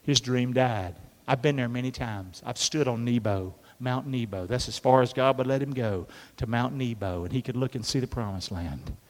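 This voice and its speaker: A man preaching a sermon as a pastor, animated and leading the congregation in call-and-response. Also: medium pitch, moderate pace, hardly any pauses. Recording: long hall reverb.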